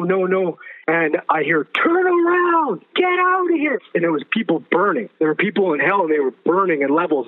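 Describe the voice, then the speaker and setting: Earnest man telling a testimony, phone-like sound. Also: on the high side. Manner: earnest, vivid, repeats phrases for emphasis. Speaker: guest sharing a testimony. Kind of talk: emotional personal testimony.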